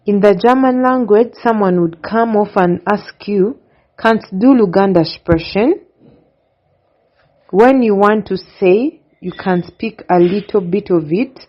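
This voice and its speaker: A woman giving a slow, deliberate language lesson, stating each phrase and then its translation in a steady, patterned way. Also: medium pitch. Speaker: language teacher. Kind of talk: slow instructional narration. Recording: dull lo-fi recording.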